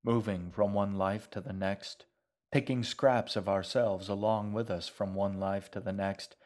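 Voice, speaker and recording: A gentle, wistful shaggy man in a storybook, voiced by a male narrator, pitched low. He muses calmly and without hurry, letting each thought unfold. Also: natural voice. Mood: musing. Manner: calm, musing, unhurried.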